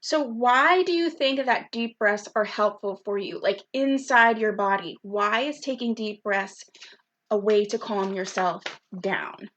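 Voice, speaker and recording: A woman's voice: medium pitch, measured pace, fairly bright tone. A woman leading a live online youth workshop, chatty and upbeat, reading out viewers' comments by name over a video call. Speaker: program specialist leading a virtual youth workshop.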